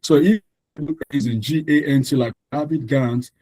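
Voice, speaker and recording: A man leads an online exam-prep lesson, working through answers on a shared screen. His voice is mellow and dark, and it sounds dry and close on a computer mic. He explains patiently, repeating phrases and restarting sentences with plenty of ums. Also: on the high side, moderate pace, no room sound, poor audio. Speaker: exam tutor.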